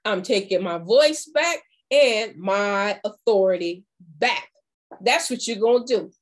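Woman doing a faith-based pep talk as a confidence coach, super lively voice, acts out little conversations. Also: medium pitch, slow pace. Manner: animated, acts out little dialogues.

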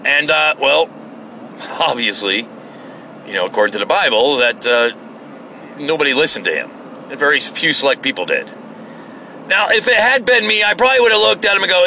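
An online commentator delivers a heated, sarcastic, profane rant, his voice a little high, bright and forceful, with lively intonation, normal speed and long pauses. There is slight background noise.

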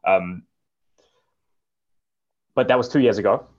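A man with a very deep voice speaks in a measured, hedging way on a casual panel. His sound comes through dull and lo-fi. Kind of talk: casual chat.

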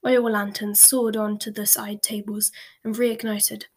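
Breathy woman whispering a story. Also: mid-range voice, little pitch movement. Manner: slow, hushed reading with small slips. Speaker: story reader.

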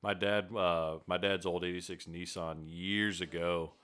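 A man in casual chat, an animated storyteller who laughs through his stories. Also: low-pitched, a little slow.

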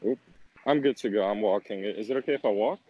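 A man's voice: lowish voice, fast talker, dark tone. A male singing student talking in a hesitant way with lots of fillers, outdoors on a street over earbuds. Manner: hesitant, full of "like". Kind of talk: casual chat. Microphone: earbuds on a call.

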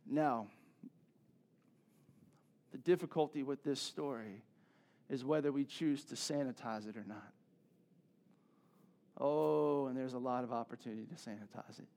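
A man's voice: medium pitch, a little slow, creaky, long pauses, darkish tone. A male pastor giving a sermon in a conversational way, with joking asides and questions to the congregation.

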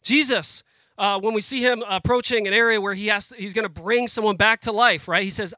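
A man's voice: high voice, bright, forceful tone, no echo. A man in his thirties preaching a sermon, earnest and conversational, getting emotional as he speaks to the crowd. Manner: emotional, pauses and restarts as he speaks. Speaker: guest speaker at a family worship program.

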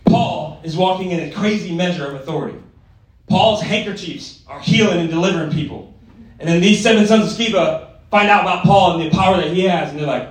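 A man preaches a sermon in a casual, energetic way, tossing in quick checks with his listeners. His voice sits high. He is heard from across a hall with heavy echo. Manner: energetic, conversational, tag questions. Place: church gathering hall. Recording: echoey hall from far off.

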